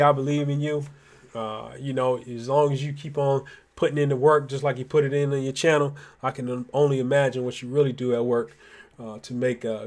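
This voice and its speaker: A man co-hosting a live online talk show, giving laid-back motivational advice full of slang. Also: medium pitch. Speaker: co-host. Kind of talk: casual live-stream chat.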